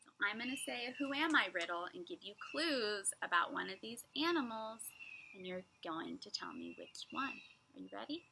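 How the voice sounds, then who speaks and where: A woman teacher leading a children's lesson, speaking slowly and patiently as she asks young children simple riddles. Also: mid-range voice, expressive, vocal fry, noisy background.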